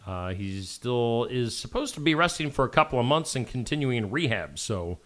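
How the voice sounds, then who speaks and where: Lively, bright-voiced male morning host. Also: mid-range voice, moderate pace. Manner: jokey, lively, reads headlines. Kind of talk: casual news chat.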